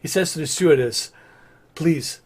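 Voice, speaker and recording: A man's voice: a little high, a little slow. A man chatting casually on a live game stream, rambling with lots of fillers and restarts.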